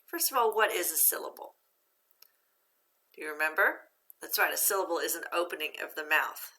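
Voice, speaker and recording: A woman's voice: low voice, expressive, a little fast, sharp tone. A woman teacher giving a phonics lesson to young students, patient and encouraging, asking questions and answering them herself.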